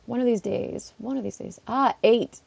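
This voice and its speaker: A woman's voice: fairly high pitch, moderate pace, creaky, darkish tone, slightly rough. A woman, a schoolteacher, chatting casually on a live stream while playing, laughing often and talking back to her chat. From Canada.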